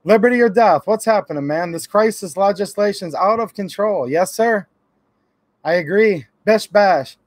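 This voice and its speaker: Michigan guy on a livestream, kinda high voice, friendly, shouting out viewers by name, dry close sound. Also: moderate pace, no room sound. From Michigan, USA. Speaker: YouTube channel host. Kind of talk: casual livestream chat reading viewer comments.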